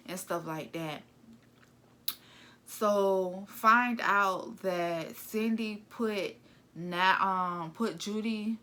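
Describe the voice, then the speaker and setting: A woman in her twenties, a vlogger, casually retelling drama in a blunt, gossipy, animated way. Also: medium pitch, a little hiss or hum. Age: 20s. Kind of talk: casual storytelling vlog.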